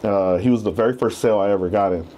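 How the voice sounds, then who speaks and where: A man in his thirties, a real estate agent and podcast guest, telling his story in a casual, animated way and acting out the quotes. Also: on the low side, racing, a little hiss or hum.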